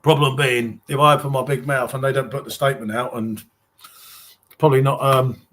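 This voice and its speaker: Chatty and fairly quick, a man from England with a mid-range, fairly bright voice and fairly even intonation hosts a live stream over slight background noise. He reads viewer comments aloud in his English accent and calls everyone mate.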